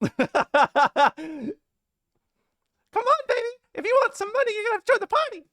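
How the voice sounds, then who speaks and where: A woman doing a squealing, laughing impression of an excitable male wrestling manager. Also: extremely high pitch, moderate pace, pitched above the performer's own voice, full character voice. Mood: giddy.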